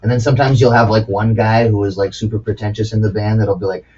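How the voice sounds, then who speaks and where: A man's voice: on the low side, flat delivery, fast talker, dark tone, breathy edge. A man hosting a casual podcast, chiming in with short reactions and laughs. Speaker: podcast host. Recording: dull lo-fi sound.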